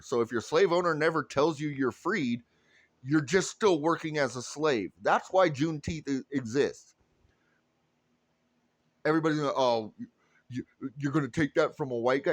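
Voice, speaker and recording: A man's voice: a little high, animated, normal speed, no echo. A man delivering a heated, profane political rant straight to his audience. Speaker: political commentator. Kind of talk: ranting monologue to camera.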